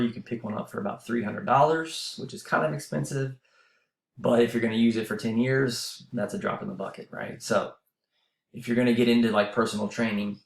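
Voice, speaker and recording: A man's voice: on the low side, vocal fry, echoey room. A man teaching a university class in a casual, explanatory way, with fillers and restarts. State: running out of breath. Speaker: university instructor. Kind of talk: recorded lecture voice-over. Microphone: voice-over mic.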